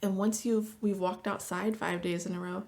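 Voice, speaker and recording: A woman therapist talking casually as a podcast guest, chatty, with lots of "like" fillers and lively storytelling. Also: mid-range voice, moderate pace. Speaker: marriage and family therapist.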